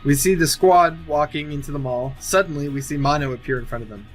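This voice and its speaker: A man's voice: a little high, brisk, soft background music. A man casually narrating an imagined film sequel, thinking aloud with many fillers and restarts. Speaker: movie sequel writer.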